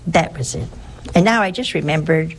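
Older nun with a low gravelly voice. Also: female voice, normal speed, very noisy. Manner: rambling, warm anecdotal telling with frequent restarts. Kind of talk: personal storytelling.

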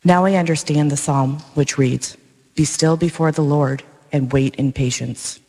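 A woman's voice: low-pitched, fairly even intonation, a little slow, warm tone, slightly rough. A woman from a parish evangelization commission giving her personal faith testimony to a congregation in an earnest, plain-spoken, heartfelt way. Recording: long reverb of a large church.

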